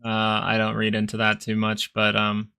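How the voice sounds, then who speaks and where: A man's voice: fairly low pitch, completely flat delivery, normal speed, creaky, pushed and bright, clean tone. A young man hosting a live stock market stream, casually thinking aloud as he reads charts. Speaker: stock market livestream host. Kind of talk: live chart analysis commentary.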